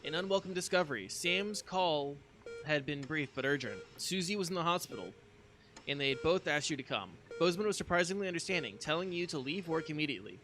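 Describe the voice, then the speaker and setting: A male streamer reads a story game's narration aloud in a relaxed, casual way. His voice sits slightly high, and music plays clearly behind him. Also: fast talker. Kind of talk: reading game text aloud with live commentary.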